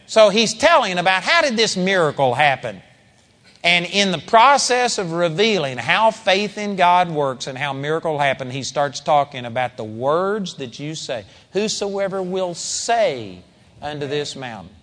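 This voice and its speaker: Animated male preacher with a high voice, recorded in a reverberant hall. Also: moderate pace. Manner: animated, conversational preaching with sudden loud peaks. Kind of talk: sermon.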